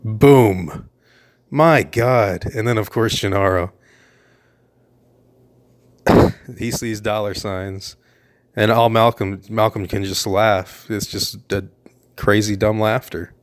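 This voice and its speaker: A man's voice: fairly low pitch, fairly even intonation, takes it slowly, pauses often. A man giving casual, enthusiastic commentary over a film and laughing often.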